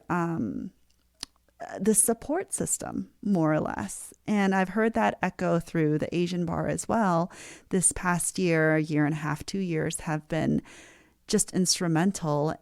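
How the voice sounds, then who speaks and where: A woman with a very low voice and plenty of vocal fry co-hosts a podcast conversation. She speaks in a thoughtful, hedging manner, and the recording is dry. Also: darkish tone, no echo. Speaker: podcast co-host. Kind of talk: conversational interview.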